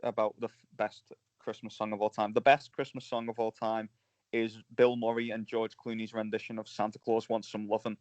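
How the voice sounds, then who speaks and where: A man co-hosting a podcast, chatting with dry humour and halting starts. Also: on the low side, little pitch movement, a little mellow, no echo. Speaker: podcast co-host. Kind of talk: casual chat. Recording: dry dull podcast mic.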